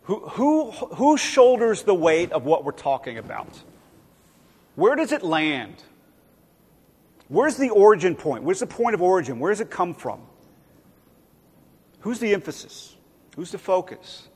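A man's voice: high voice, very animated, unhurried, pauses often, darkish tone, breathy edge. A man preaching a sermon in a conversational way, acting out quoted voices now and then. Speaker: pastor. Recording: long hall reverb.

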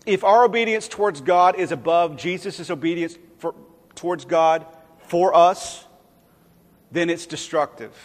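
A man's voice: fairly high pitch, measured pace. A man preaching a sermon in a conversational way, acting out quoted voices now and then. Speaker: pastor. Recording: long hall reverb.

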